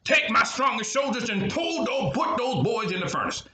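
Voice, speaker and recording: An older man voicing an angry, blustering ancient king who shouts his orders. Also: extremely high pitch, big pitch swings, moderate pace, roomy sound, a little hiss or hum, pitched above the performer's own voice, heavily acted. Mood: commanding.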